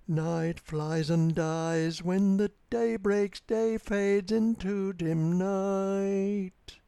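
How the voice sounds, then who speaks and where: Slow, mellow reader of a verse tale. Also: mid-range voice, gravelly, smooth, no echo. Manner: lilting, rhythmic, unhurried. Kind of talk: recited verse narration.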